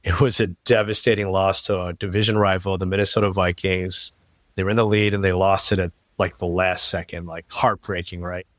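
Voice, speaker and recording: A man co-hosting a podcast, telling an animated story in a casual chat and laughing often. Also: low-pitched, a little fast, no echo. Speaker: podcast co-host.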